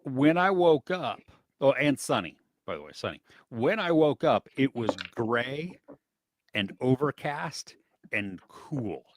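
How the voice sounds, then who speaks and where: With a mid-range voice and a slow pace, this man co-hosts a livestream about movies, calling out chat names to welcome viewers. He's animated and quick to laugh, and there's no room sound.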